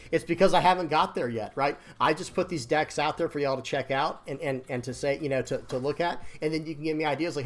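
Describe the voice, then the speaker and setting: Young guy going over his card decks, kinda high voice, rambly, keeps restarting and saying sorry. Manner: rambling, self-interrupting, apologetic with quick laughs. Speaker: card game YouTuber. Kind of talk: casual chat while showing deck lists.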